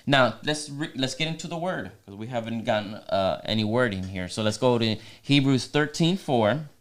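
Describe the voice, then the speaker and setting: A man's voice: mid-range voice, animated, moderate pace. A man co-hosting a faith-based marriage podcast, talking earnestly in a casual way with frequent restarts. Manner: earnest, many restarts, teasing asides. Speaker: podcast co-host.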